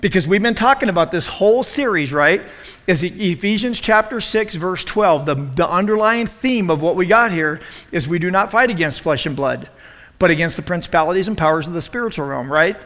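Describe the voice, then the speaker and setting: A man in his forties with a high, bright voice gives a storytelling youth sermon. He acts out quotes with lively, self-deprecating humor. His voice rings in a long hall reverb. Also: a little fast. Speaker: youth pastor. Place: church youth room.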